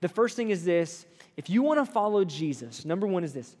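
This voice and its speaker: A man preaching a conversational sermon to a group, lively and often checking in with his listeners. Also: high-pitched, brisk. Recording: long hall reverb.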